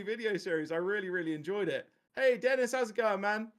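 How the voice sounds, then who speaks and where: Male podcast host, slightly high voice, loose rambling chat. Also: animated, fairly quick. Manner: rambling, laughing, swearing casually.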